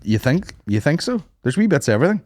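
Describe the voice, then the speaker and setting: Animated, sweary young podcast host. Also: male voice, on the high side, fast, no room sound. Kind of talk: casual chat.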